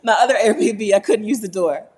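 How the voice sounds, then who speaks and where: An American woman chatting casually on a livestream vlog, animated and laughing, often tagging her points with "right?". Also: mid-range voice, moderate pace, long reverb tail. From United States. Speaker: vlogger.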